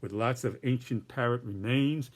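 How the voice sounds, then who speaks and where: A man's voice: medium pitch, moderate pace, natural voice. A man doing a mocking head of state. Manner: clipped broken-English taunting.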